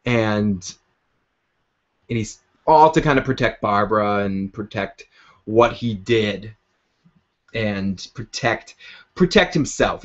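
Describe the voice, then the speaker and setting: A man's voice: lowish voice, highs cut off. A man casually recapping a TV episode from a basement, rambling, chuckling and acting out scenes as he goes. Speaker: show recap host.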